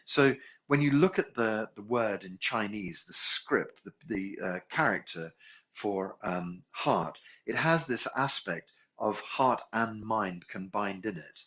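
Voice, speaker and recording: A man's voice: fairly low pitch, animated, slow, bright, forceful tone. A man teaching a healing class, musing aloud, correcting himself and chuckling as he goes. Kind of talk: relaxed spoken class instruction. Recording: dull lo-fi recording.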